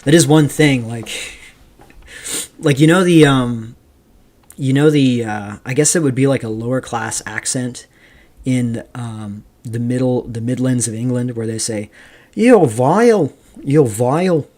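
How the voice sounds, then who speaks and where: A man hosting a live stream, rambling casually through commentary, reading chat questions aloud and filling pauses with "um" and "like". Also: mid-range voice, steady tone, darkish tone. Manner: rambling, reads chat aloud, many fillers. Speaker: streamer host.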